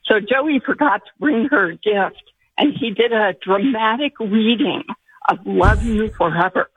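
A woman calling into a radio show, excited and giggling as she talks. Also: medium pitch, measured pace, no room sound. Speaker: radio caller. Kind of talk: phone call to a radio show. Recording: husky phone line.

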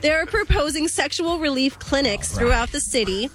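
A woman's voice: sits high, expressive, moderate pace, music in the background. A woman telling a wild story on a sports radio show, laughing through casual banter in the studio. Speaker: co-host segment presenter.

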